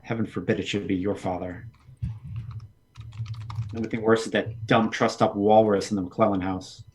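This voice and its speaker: A man's voice: lowish voice, flat delivery, moderate pace, slightly rough. A man voicing a ruthless, scheming young noblewoman who talks with cold, profane contempt, in a tabletop game.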